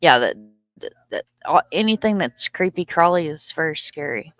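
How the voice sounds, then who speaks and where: A woman's voice: deep voice, animated, normal speed, fairly bright tone, dry recording. A middle-aged woman, hosting a casual live stream, reading comments aloud in a chatty, loose and profane way. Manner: chatty, loose and profane, stumbles over words.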